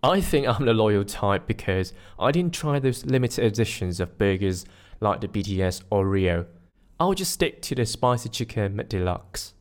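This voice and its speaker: With a lowish, expressive voice at a normal pace, this podcast host from Malaysia runs a scripted show alone. He pokes fun at himself in a playful way and leads pronunciation drills.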